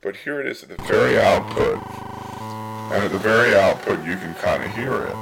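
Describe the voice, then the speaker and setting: A man with a lowish, creaky voice speaks at normal speed, animated, demonstrating a circuit in a casual electronics tutorial at his home workbench, with wry asides while tinkering. His desktop mic is sometimes routed through a breadboard circuit, and the noisy background carries circuit distortion and synth tones.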